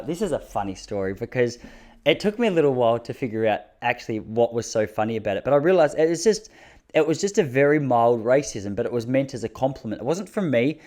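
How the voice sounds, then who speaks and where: An Australian man in his thirties, hosting a podcast and telling rambling, self-mocking comic stories with quick asides. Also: mid-range voice, a little mellow. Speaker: podcast host. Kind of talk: comic storytelling monologue.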